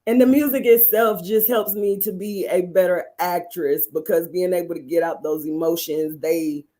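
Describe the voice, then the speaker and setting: A woman's voice: on the low side, steady tone, normal speed, warm tone. A woman singer and actress, a guest on a live-stream interview, telling her story in an earnest, reflective way.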